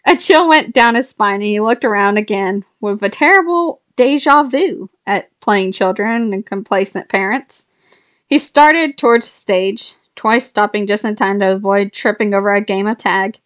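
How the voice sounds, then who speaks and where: A woman's voice: medium pitch, normal speed, fairly bright tone. Woman casually reading a novel aloud. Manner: unpolished reading with restarts and self-corrections. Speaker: reader of a novel. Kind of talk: casual read-aloud storytelling.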